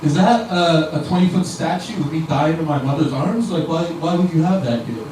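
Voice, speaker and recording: A man's voice: on the high side, moderate pace, darkish tone, slight background noise, lightly acted. A man playing an indignant Jesus who is bewildered and swears about what he sees in a church, heard in an echoey club from a distant mic. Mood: baffled. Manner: baffled, profane, incredulous questioning.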